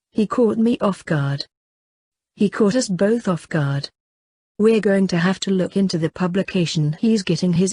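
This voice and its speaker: A woman reads an audiobook aloud in a steady, even first-person style. Her voice sits low and has a husky, breathy grain. The recording is dry and close, with no room sound. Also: no echo. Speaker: audiobook narrator. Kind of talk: scripted narration.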